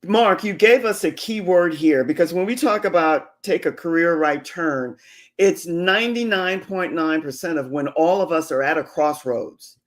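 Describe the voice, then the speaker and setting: Gushing male livestream host, high-pitched voice, excitable affirmations, on a video call. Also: normal speed. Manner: effusive, enthusiastic, repeats affirmations. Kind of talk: livestream interview.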